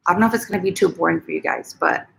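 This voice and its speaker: On her debut crochet livestream at home, a woman eats, giggles frequently, and chats in a relaxed way through her computer's camera mic. She speaks very fast in a lowish, slightly bright voice with vocal fry.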